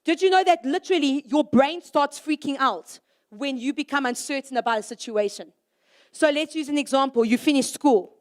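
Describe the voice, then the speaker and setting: High-voiced young woman preaching to youth. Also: moderate pace. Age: young adult. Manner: animated, conversational, acts out little scenes; asks the audience rhetorical questions. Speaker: youth speaker. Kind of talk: youth sermon.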